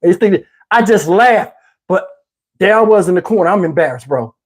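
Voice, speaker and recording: Husky high-voiced guy telling a wild story, animated, laughs a lot, lapel mic. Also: a little fast. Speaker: channel host telling a story. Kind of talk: casual storytelling. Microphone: wireless lapel mic.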